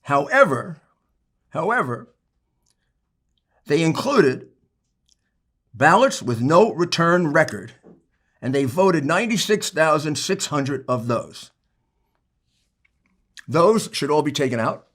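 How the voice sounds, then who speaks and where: A man giving a political speech, emphatic and building to forceful outbursts. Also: a little high, sing-song, slow pace, pauses often. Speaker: speaker addressing lawmakers.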